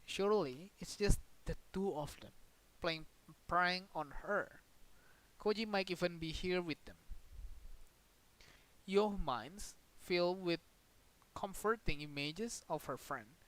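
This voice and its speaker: A game streamer, reading a story game's text aloud in a dramatic way, with sudden loud outbursts. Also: medium pitch, takes it slowly, long pauses, low-quality recording. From Indonesia.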